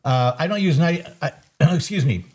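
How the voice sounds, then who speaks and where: A man hosts a casual live trading recap from a home desk. His pitch swings widely as he jokes and gets excited over the charts. He keeps breaking into laughter. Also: fast talker. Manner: excitable and joking, bursts of laughter. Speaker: host of a live market recap.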